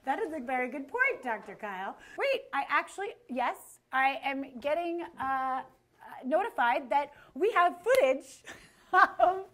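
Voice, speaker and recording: A woman's voice: high-pitched, expressive, measured pace, a bit bright. A young woman co-hosting a comedic topical show, playful and mock-serious in her banter. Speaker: co-host.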